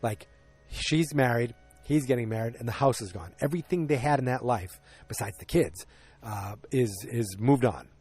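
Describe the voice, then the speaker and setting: A man's voice: mid-range voice, normal speed, darkish tone, husky. A man hosting a solo podcast, casually recapping a drama episode and acting out the characters' lines in shifting voices. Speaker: podcast host.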